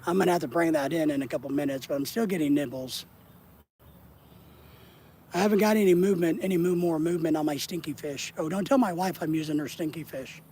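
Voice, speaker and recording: A man with a husky voice chatting casually with his viewers on a live stream while he fishes outdoors. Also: fairly high pitch, quick pace, dark tone. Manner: rambling, chatty, addresses viewers in chat. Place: outdoors, fishing.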